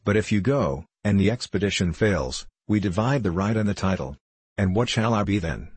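An earnest, resentful young nobleman arguing his case, as a man reads him aloud. The voice is deep and husky and sits dry and close. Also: lively intonation, normal speed, no room sound. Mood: indignant. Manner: earnest, indignant.

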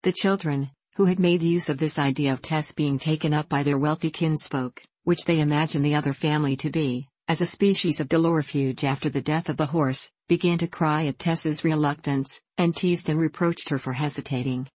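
A woman narrating an audiobook in a measured way, giving the characters light voices. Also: sits low, steady tone, a little mellow, no echo.

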